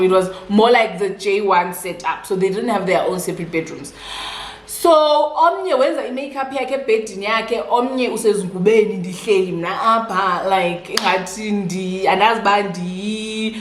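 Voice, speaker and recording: A young South African woman with a Xhosa-influenced accent, telling a casual storytime while eating, chatty and animated. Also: medium pitch, reverberant. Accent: South African, Xhosa-speaking. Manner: chatty, code-switching, animated retelling. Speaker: vlogger.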